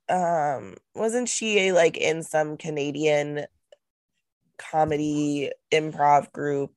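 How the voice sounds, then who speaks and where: A woman's voice: deep voice, fairly even intonation, slow pace, a little mellow, no room sound, studio quality. A woman co-hosting a casual podcast chat, easygoing and agreeable with hesitant fillers. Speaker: podcast co-host.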